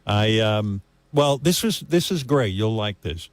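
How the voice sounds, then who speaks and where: A man's voice: fairly low pitch, expressive, a little slow, noisy background. A man hosting a radio talk show, rambling in casual banter. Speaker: radio host.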